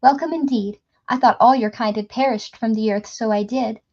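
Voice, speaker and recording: A woman voicing an excitable old farmer man who talks with a cracked, wavering voice and thick rural speech. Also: on the high side, moderate pace, dull audio. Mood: excited.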